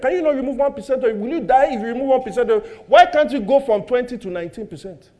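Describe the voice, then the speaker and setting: Animated Nigerian pastor, high voice. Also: male voice, fast talker. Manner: animated, rhetorical questions to the congregation, jokes about his own household. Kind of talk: sermon.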